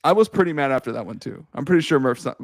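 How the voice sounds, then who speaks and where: A young man hosting a casual sports podcast, excitable and quick to swear and laugh. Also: medium pitch, gravelly, no echo, studio quality. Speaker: podcast host.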